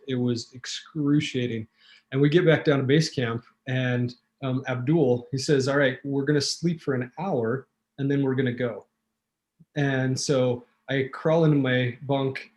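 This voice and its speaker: A man telling a vivid personal story as a talk show guest, acting out quotes, with fillers and restarts. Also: medium pitch. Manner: animated storyteller, acts out quotes.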